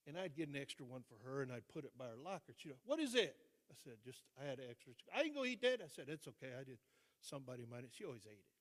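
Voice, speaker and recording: An older man, a retired teacher and coach, telling stories as a guest speaker, with dramatic pauses and repeated phrases for emphasis. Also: mid-range voice. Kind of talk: motivational storytelling speech. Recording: long reverb in a large hall.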